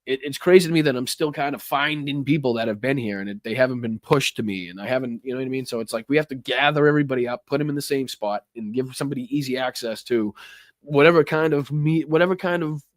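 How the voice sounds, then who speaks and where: A man's voice: mid-range voice, fast, no echo. A man with a Boston accent hosting a live stream, chatting casually, swearing now and then and thanking viewers by name.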